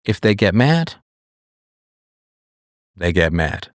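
A man's voice: sits low, big pitch swings, takes it slowly, dry recording, studio quality. A man hosting a talk show, lecturing a caller emphatically and mocking excuses in quoted voices. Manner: emphatic, lecturing, mock-quoting others in a raised voice. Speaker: show host answering listeners. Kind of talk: emphatic monologue to a listener.

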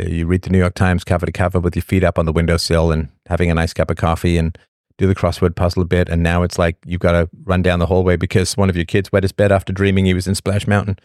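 A man's voice: low voice, darkish tone, no echo, clean studio sound. A man hosting a casual livestream, talking in a rambling, sardonic way with frequent restarts. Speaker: livestream host.

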